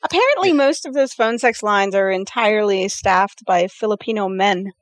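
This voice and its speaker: A woman's voice: mid-range voice, moderate pace, no room sound. A woman co-hosting a casual podcast, teasing and wry with others.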